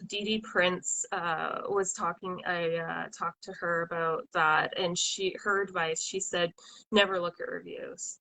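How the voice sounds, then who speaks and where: A woman's voice: fairly low pitch, steady tone, unhurried, pushed and bright, low-quality recording. A woman author being interviewed over a video call, modest and self-deprecating, trailing off and laughing often. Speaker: author guest. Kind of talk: casual interview chat. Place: home, online video call.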